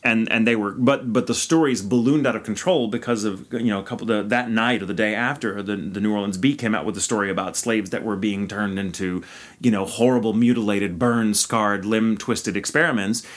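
A man's voice: fairly low pitch, fairly even intonation, brisk. A man co-hosting a podcast, retelling a grim history in casual talk, rambling with restarts and swearing. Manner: rambling, frequent restarts and profanity. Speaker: podcast co-host. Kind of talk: casual storytelling chat.

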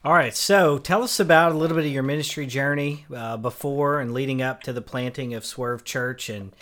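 A male podcast co-host with a bright, forceful tone, chatting casually. He cracks wry, self-deprecating jokes and then asks questions. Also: mid-range voice, brisk. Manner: wry, self-mocking humor.

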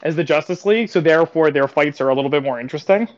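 A man co-hosting a casual chat about an animated film, rambling with many fillers and restarts. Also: fairly high pitch, racing, highs cut off. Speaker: podcast co-host.

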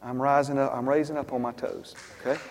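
A man preaching a sermon as a story, swinging from hushed asides to loud, emphatic bursts. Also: mid-range voice, fairly even intonation, fairly quick, creaky, background noise. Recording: long hall reverb.

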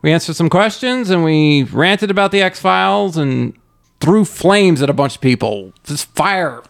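A man co-hosting a casual podcast, his voice rough and gravelly. He swings widely up and down in pitch as he jokes and rants, laughing into his sentences. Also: expressive, unhurried. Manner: joking, ranting, laughs mid-sentence. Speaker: podcast co-host.

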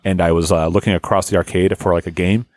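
A man co-hosting a casual chat, telling stories quickly and with laughs. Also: low-pitched, dry recording. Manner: fast, animated storytelling with laughs.

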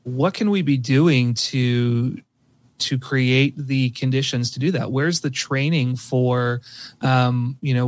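Measured man on a tech panel. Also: mid-range voice. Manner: measured, hedging with "um" and "I think". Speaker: panelist on a tech talk show. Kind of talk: casual discussion.

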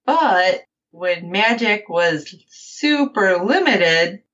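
A woman co-hosting a casual recap show, animated and acting out the characters' lines as she tells it. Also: medium pitch, drawn-out words, lo-fi sound. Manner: animated, quotes characters in playful voices. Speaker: podcast co-host.

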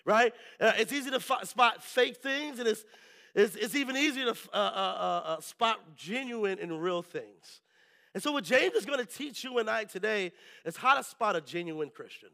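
A male pastor preaching a sermon, telling lively stories and often checking in with the congregation. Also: high voice, moderate pace, gravelly. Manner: lively storytelling, keeps asking the crowd "right?".

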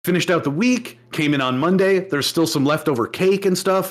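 A young man co-hosting a casual podcast, telling stories with lively swings into mocking voices. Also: fairly high pitch, brisk, few pauses. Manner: animated storyteller who swings into mocking voices. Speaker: podcast co-host. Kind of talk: casual chat.

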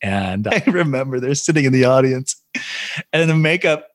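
A male actor guest tells stories in a relaxed chat. He is animated and often laughs mid-sentence. His voice sits mid-range, recorded dry and close. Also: mid-range voice, moderate pace, no echo. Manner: animated, laughs often while telling anecdotes. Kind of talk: casual interview storytelling.

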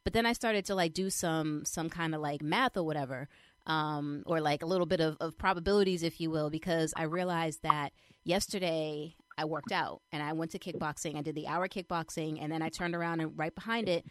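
Young adult woman, lower register, casual animated storyteller, dry close sound. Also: a little fast, no room sound. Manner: chatty, animated retelling with lots of fillers. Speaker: vlogger sharing a personal update. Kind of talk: casual chat.

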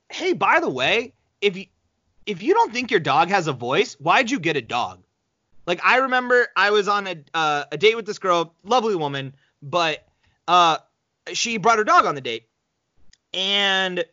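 A man's voice: high-pitched, measured pace, no echo, muffled recording. A man co-hosting a podcast in casual chat, telling stories animatedly and slipping into voices. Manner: animated storyteller, slips into voices. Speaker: podcast co-host.

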